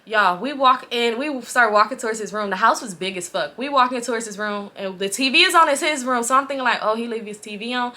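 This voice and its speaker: Bright, animated young woman vlogger. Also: fairly high pitch, a little fast, few pauses. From California. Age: 20s. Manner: animated, profane, quoting others. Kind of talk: storytime vlog.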